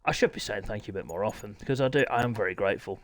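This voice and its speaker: A young man hosting a sim racing league stream in casual, chatty, self-deprecating livestream talk, often clearing his throat. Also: fairly low pitch, very fast.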